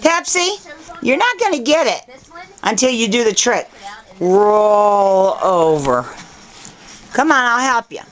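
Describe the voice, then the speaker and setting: A woman's voice: sits high, lively intonation, moderate pace, fairly bright tone. A woman training her dogs with firm, repeated commands in a casual home video.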